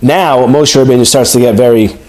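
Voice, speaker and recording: A man's voice: medium pitch, a little fast, a little mellow, poor audio. A man giving a Torah class as a rabbi, earnest, often restarting his words. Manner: earnest, with frequent stammered restarts.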